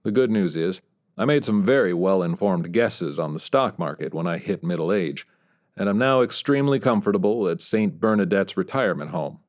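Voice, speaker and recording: A man narrating a first-person story in a wry, dry voice with dark humor. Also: low-pitched, expressive, moderate pace. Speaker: audiobook narrator.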